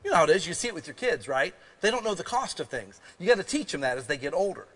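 Folksy preacher, bright voice. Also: male voice, a little high, big pitch swings, quick pace. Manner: folksy, swings from quiet asides to loud preaching. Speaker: pastor. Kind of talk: sermon.

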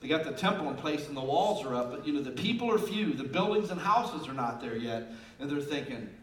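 Male pastor in his fifties, sermon delivery, emphatic then hushed, echoey room, a bit off-mic. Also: a little high, lively intonation, a little fast. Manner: emphatic, swinging between loud emphasis and quiet asides. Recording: roomy and distant with faint ambience.

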